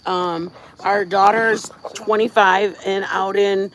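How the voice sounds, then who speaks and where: A middle-aged woman from Michigan hosts a casual livestream outdoors at night, with crickets around and slight background noise. Her mid-range voice is a bit bright, fairly even in intonation, and slow, and she rambles with lots of fillers and restarts.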